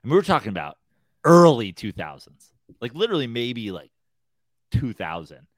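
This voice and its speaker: A man's voice: medium pitch, big pitch swings, normal speed, no echo. A male comedian co-hosting a podcast, chatting casually and rambling with lots of filler words. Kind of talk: casual chat.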